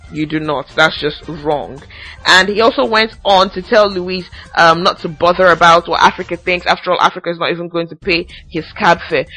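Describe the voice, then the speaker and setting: A woman's voice: lowish voice, fairly bright tone, low-quality recording. A young woman hosting a casual commentary podcast, ranting with sassy asides and recapping reality show gossip. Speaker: podcast host.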